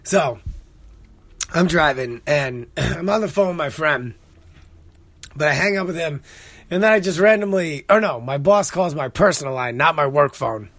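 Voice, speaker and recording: A young man hosting a podcast, telling stories in a casual, excitable, profane way. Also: fairly high pitch, normal speed, dry recording. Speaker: podcast host. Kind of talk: casual monologue.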